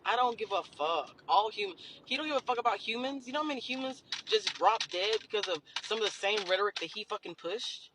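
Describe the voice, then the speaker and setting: A man's voice: sits high, expressive, brisk, hardly any pauses, noisy background. A man ranting in an exasperated, profane way in a vlog. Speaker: social media commentator.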